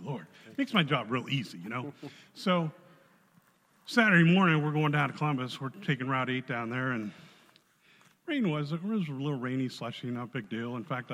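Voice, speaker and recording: A man giving a spoken testimony to a church congregation, telling his story in a lively way and acting out the voices in it. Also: medium pitch. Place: church hall. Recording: long hall reverb.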